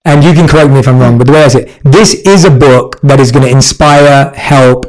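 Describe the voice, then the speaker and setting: A man's voice: mid-range voice, fairly quick, poor audio. A man with a British accent hosting an interview, earnest and full of praise for his guest. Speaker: podcast host. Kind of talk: conversational interview.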